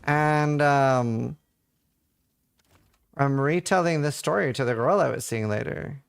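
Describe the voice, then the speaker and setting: A man's voice: mid-range voice, slow pace, gravelly, clear, resonant tone. A Norwegian man, a streamer, rambling through a casual anecdote with lots of filler words while gaming at a desk mic. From Norway.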